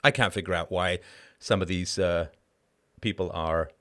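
A man's voice: low voice, moderate pace, bright, forceful tone. A man hosting a live call-in show, delivering a heated monologue in an emphatic, blunt and profane way, with sardonic asides and rhetorical questions.

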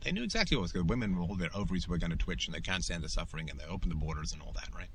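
A man's voice: low voice, lively intonation, very fast, a bit bright, slight background noise, rough recording. A man hosting his own show, giving an emphatic solo commentary monologue and often tagging his points with a rhetorical "right?". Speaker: podcast host.

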